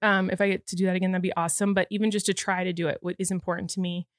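A woman co-hosting a podcast in casual chat, tearful and emotional, talking quickly and animatedly with laughter breaking in. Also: on the low side, dry recording, studio quality. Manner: rapid, animated talk broken by laughs. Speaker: podcast co-host.

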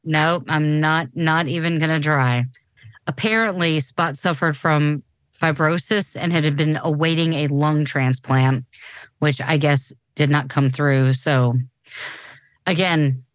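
A woman's voice: sits low, fairly even intonation, slow pace, no room sound. A woman in her forties co-hosting a podcast in casual chat, talking loosely with many restarts. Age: 40s. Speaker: podcast co-host.

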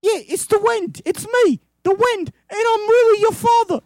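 A squeaky, sky-high blustery character put on by a man, talking in a mock-Irish sing-song and calling everyone "mate". The sound is close and dry, with no room around it. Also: normal speed, darkish tone, no room sound. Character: squeaky blustery man, the father then the wind, saying "mate". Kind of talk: improvised comedy role-play.

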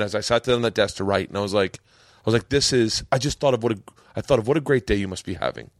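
A man's voice: lowish voice, quick pace, no echo, studio quality. A man hosting a podcast, telling a story in a rambling, heartfelt way with lots of restarts. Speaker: podcast host. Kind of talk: casual podcast chat. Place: home studio.

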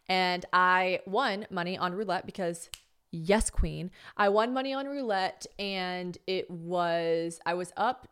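Animated, swearing woman podcast host. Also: fairly low pitch, clear, resonant tone. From United States. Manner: animated, swears freely, acts out other people's lines. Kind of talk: casual solo podcast storytelling.

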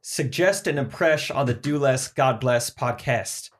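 A young man co-hosting a comedy podcast, throwing in playful, quick quips. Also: medium pitch. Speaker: podcast co-host. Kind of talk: casual comedy podcast chat.

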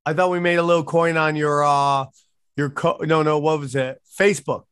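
A man's voice: a little high, steady tone, normal speed, a bit bright, smooth. Joking male podcast host. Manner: joking, rambling. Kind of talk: casual chat. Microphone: video call.

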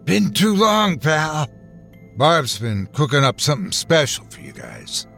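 A man playing a slow, gruff old grandpa. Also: big pitch swings, fairly bright tone, exaggerated voice. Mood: friendly. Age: older. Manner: slow, low, drawling. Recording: faint music underneath.

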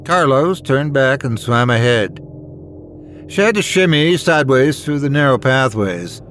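A man reading scary stories as a dramatic, expressive narrator. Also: medium pitch, a little slow, a little hiss or hum. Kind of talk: scripted horror story narration.

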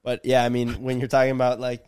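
Smooth-voiced young man joking around. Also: medium pitch, completely flat delivery, quick pace, a little mellow. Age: 20s. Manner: laid-back, joking, slangy with "dude". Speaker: podcast co-host. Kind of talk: casual chat.

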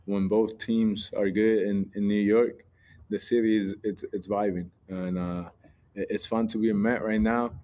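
A man's voice: on the low side, level tone, normal speed, dark tone. A man from Puerto Rico, a ballplayer, answering interview questions in an easygoing way, often laughing and restarting his sentences. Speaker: guest ballplayer.

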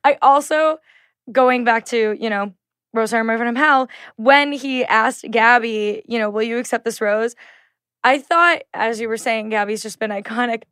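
Chatty woman on a podcast, kinda high voice, retells scenes, dry mic. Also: unhurried, fairly bright tone, smooth, dry recording. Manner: chatty, laughs often, gushing. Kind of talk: casual chat.

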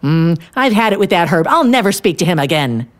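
A woman voicing a grumpy older man in a storybook tale, huffing and shouting about a shady spot. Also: fairly low pitch, very animated, brisk. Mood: fuming. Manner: indignant, loud. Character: grumpy older man quarreling over shade.

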